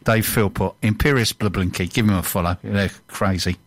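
A man co-hosts a local radio show in an easygoing, chatty way, often chiming in with quick agreement. His voice sounds dry and close to the mic. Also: on the low side, fairly even intonation, no room sound. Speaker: radio co-host. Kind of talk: casual radio chat.

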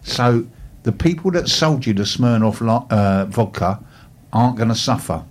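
A man's voice: mid-range voice, lively intonation, normal speed. A man, co-hosting a radio show in casual chat and telling stories with a wry, dry manner.

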